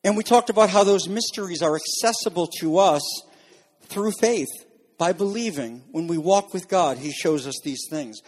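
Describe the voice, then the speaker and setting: A man preaching a sermon as a pastor, earnest and explanatory, pushing his voice higher for emphasis. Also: darkish tone. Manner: earnest, rises in pitch for emphasis. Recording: long reverb in a large room.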